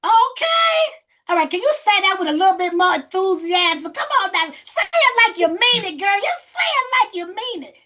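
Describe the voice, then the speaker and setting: A woman's voice: very high-pitched, very animated, normal speed, noisy background. A woman hosting a group video call, energetically coaching and coaxing participants, repeating her phrases for emphasis. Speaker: host leading a group session.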